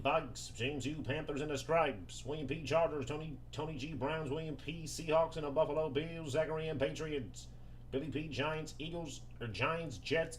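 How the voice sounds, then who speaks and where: A man hosting a live sports card break, reading off names and teams in quick bursts and joking with viewers between pulls. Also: mid-range voice, a little hiss or hum. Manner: rapid-fire listing of names and teams, hyped and joking.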